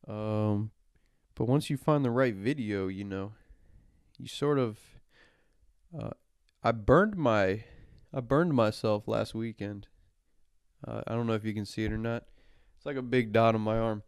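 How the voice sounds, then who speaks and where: A man's voice: mid-range voice, smooth, dry recording, clean studio sound. A young man hosting a podcast, rambling crudely and joking as he drifts between topics. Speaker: podcast host. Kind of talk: casual rambling commentary.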